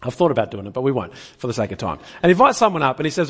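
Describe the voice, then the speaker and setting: A man's voice: mid-range voice, sing-song, racing, hardly any pauses, a bit bright, breathy edge. A man preaching a sermon in an earnest, conversational way, often asking the listeners rhetorical questions.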